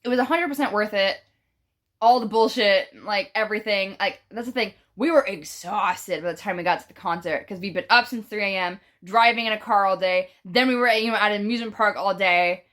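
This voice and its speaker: New york girl doing a storytime vlog, bright sharp voice, animated and foul-mouthed. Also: mid-range voice, fairly quick. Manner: animated, profane, slangy storytelling. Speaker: vlogger. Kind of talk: casual storytime.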